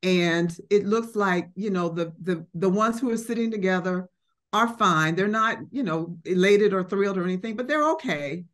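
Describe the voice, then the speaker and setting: A middle-aged woman recounting memories in a relaxed, conversational way, her voice sitting at an ordinary middle pitch. She pauses on fillers and restarts, then brightens when quoting others. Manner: reflective, warm storytelling with acted quotes and frequent fillers. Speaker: art collector. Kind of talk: conversational storytelling.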